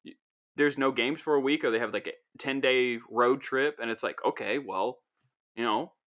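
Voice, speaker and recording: Give me a bright-voiced young man chatting casually. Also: medium pitch, moderate pace. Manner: rambling storyteller, animated asides. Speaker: podcast host. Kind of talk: casual chat.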